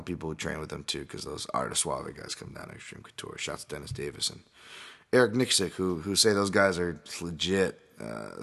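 A man's voice: low voice, creaky, a bit bright. A man hosting a casual solo podcast, rambling and correcting himself as he talks through a strained, sore throat. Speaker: podcast host and fight analyst.

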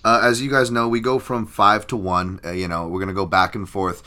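A man hosts a loose sports chat, his voice low-set yet bright and forward. He rambles through fillers and restarts, chatting in a self-deprecating way. The talk runs casual and unscripted. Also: little pitch movement, brisk, clear, resonant tone. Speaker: podcast host.

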